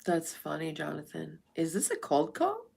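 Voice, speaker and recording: A woman's voice: low voice, huge pitch swings, moderate pace, vocal fry, a little mellow, husky. A woman hosting a casual livestream, who chats bluntly with viewers, swears freely and reads out their names. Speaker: livestream host. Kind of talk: casual chat with live viewers.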